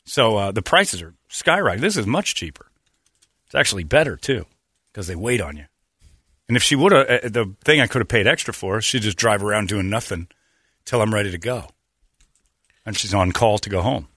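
A man chatting casually on a podcast, telling animated stories and acting out the dialogue. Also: lowish voice, fairly quick, pauses often, breathy edge, no echo, clean studio sound. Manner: animated storyteller who acts out dialogue. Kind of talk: casual storytelling chat.

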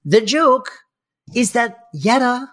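A man's voice: extremely high pitch, lively intonation, takes it slowly, fairly bright tone. A man co-hosting a casual podcast, explaining with plenty of fillers and restarts. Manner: chatty, explains with frequent fillers. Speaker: podcast co-host. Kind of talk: casual TV recap chat.

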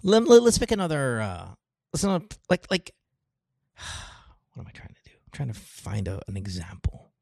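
Animated Filipino-accented man, lively pitch. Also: moderate pace, vocal fry, long pauses, dry recording, studio quality. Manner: animated storytelling, mixing in Tagalog phrases. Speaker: podcast host. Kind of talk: casual chat.

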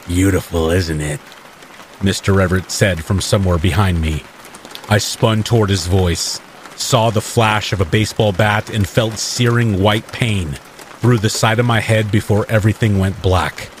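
A man narrating a horror story in the first person, in a measured and dramatic manner. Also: on the low side, a little hiss or hum. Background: rain.

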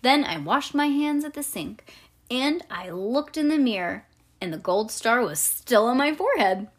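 A woman reading a children's storybook aloud to a child, lively and pausing to explain things. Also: fairly high pitch.

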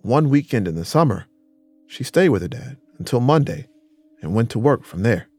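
A man narrating a documentary story in a measured, scripted way. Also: medium pitch, very animated, darkish tone, no room sound, faint music behind.

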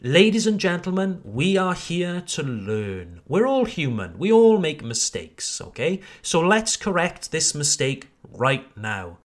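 A man hosting a podcast pronunciation lesson, modelling words slowly and with emphasis, and addressing listeners as ladies and gentlemen. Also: a little high, very animated. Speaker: English pronunciation teacher, podcast host.

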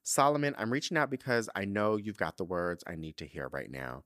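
A man's voice: lowish voice, very animated, a little fast, fairly bright tone, no room sound, clean studio sound. A man hosting a podcast, reading out a listener letter and reacting with emotional, dramatic asides. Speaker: podcast host.

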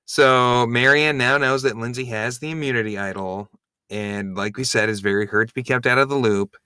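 A man co-hosts a casual podcast, trading quick jokes with his partner. His voice is bright and forward, at an ordinary pitch. The sound is dry, with no room in it. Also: steady tone, clear, resonant tone, dry recording. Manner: jokey, quick banter with a co-host. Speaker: podcast co-host. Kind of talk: casual chat recapping a reality show.

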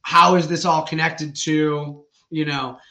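A man co-hosting a casual conversation, speaking in a thoughtful, halting way as he searches for words. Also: on the high side, steady tone, vocal fry, sharp tone. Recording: roomy echo.

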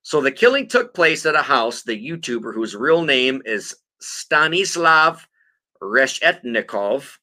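Several beers in, a male podcast co-host reads out the news with plenty of profanity and jokes. He talks unhurriedly in a sing-song voice on the high side, pushed and bright, hardly pausing at all.

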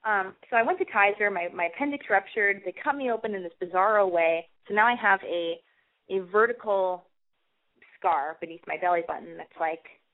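A woman's voice: medium pitch, moderate pace. A young adult woman hosting an advice podcast, talking bluntly and profanely in a rambling, self-correcting casual monologue. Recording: tinny phone-like sound.

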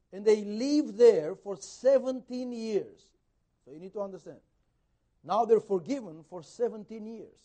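High-voiced man preaching a sermon. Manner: animated storyteller, loudness rising and falling. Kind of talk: sermon retelling a Bible story.

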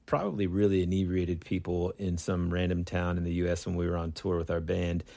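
A man hosting a podcast, telling stories in a loose, lively conversational way. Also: low-pitched, a little fast, creaky, no room sound. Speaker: podcast host. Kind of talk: casual chat.

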